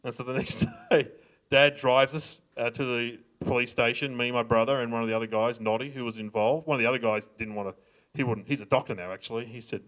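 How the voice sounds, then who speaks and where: A man's voice: mid-range voice, fast talker. A middle-aged man with an Australian accent doing stand-up storytelling before a live audience, acting out the voices of others and laughing often. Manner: animated, acts out voices of family and cops, laughs often. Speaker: stand-up comedian.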